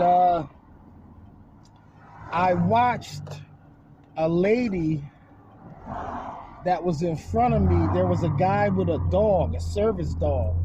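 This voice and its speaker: High-voiced man telling a rambling story. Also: noisy background. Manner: rambling, jokey, animated storytelling. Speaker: vlogger. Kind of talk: casual storytelling vlog. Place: outdoors on a windy day.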